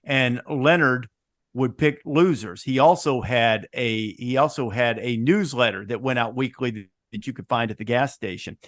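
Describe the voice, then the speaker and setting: A man's voice: medium pitch, normal speed, fairly bright tone, dry recording. Chatty guy hosting a sports pod, laughs a lot, super dry close sound. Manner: chatty storyteller, laughs easily. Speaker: podcast host. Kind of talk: casual sports podcast chat.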